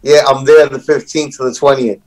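A man chats in a relaxed, slangy way on a casual call. His voice sits at an ordinary middle pitch and he sounds easygoing and agreeable. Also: brisk, rough recording. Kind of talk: casual video-call conversation.

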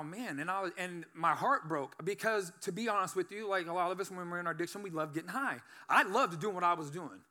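A man with a high, ringing voice gives a church testimony. He preaches earnestly and keeps asking the room for an amen. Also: fairly quick, few pauses, bright, forceful tone. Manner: earnest, preacherly, calls for amens. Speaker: guest speaker giving testimony. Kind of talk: testimony sermon.

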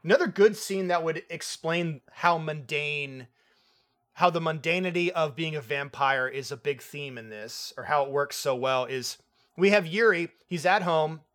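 Excitable young man reviewing a film. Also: fairly high pitch, moderate pace. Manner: excitable, laughs often, swears casually. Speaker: podcast co-host. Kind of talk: casual movie review chat.

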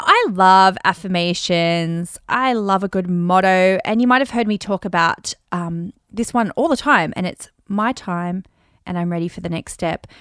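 A woman hosting a podcast, talking in an upbeat, chatty way and slowly repeating affirmations for emphasis. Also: mid-range voice, a bit bright, clean tone, dry recording, studio quality. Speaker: podcast host. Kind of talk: casual motivational podcast talk.

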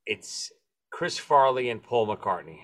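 A man's voice: medium pitch, animated, takes it slowly, a bit bright. A man in casual chat, emphatic and opinionated.

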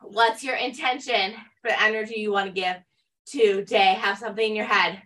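A woman's voice: mid-range voice, steady tone, moderate pace, fairly bright tone, recorded from a distance. A woman leading a guided workout class, mixing upbeat coaching cues with chatty asides while she exercises. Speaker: fitness instructor.

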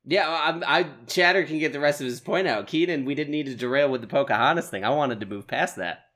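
A man's voice: a little high, a little fast, a bit bright. A man on a casual group podcast, making wry, sarcastic asides. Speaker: podcast co-host.

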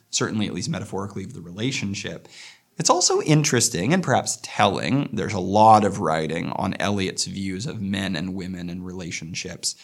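A man teaching a poetry lesson, explaining verse and slowing down to read lines aloud thoughtfully. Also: on the low side, gravelly. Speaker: literature teacher.

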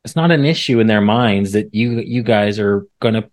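A man hosting a faith podcast, talking in a relaxed, thoughtful way with many fillers. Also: fairly low pitch, normal speed. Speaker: podcast host. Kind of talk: faith-based podcast conversation.

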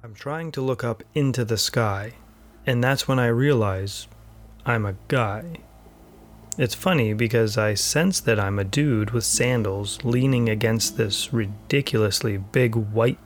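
Male host reading a first-person story aloud, measured and plain, mid-range voice, faint music bed. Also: mid-range voice. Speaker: podcast host. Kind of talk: scripted first-person narration.

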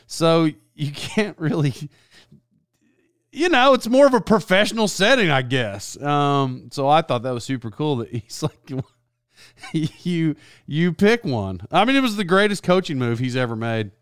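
A man's voice: a little high, lively intonation, normal speed, a bit bright, smooth, dry recording, studio quality. A sports announcer telling a long rambling story in a casual, self-deprecating way, laughing as he goes.

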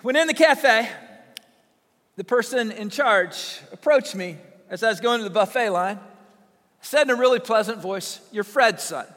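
High bright-voiced pastor, folksy funny sermon stories, big echoey church. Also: male voice, moderate pace. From Southern Illinois. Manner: folksy, humorous storytelling with a congregation. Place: church sanctuary.

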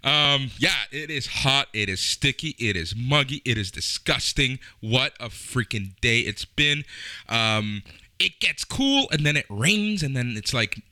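A man's voice: medium pitch, expressive, measured pace, sharp tone. A man from Canada co-hosting a podcast in a laid-back casual chat, swearing freely and laughing often. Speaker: podcast co-host.

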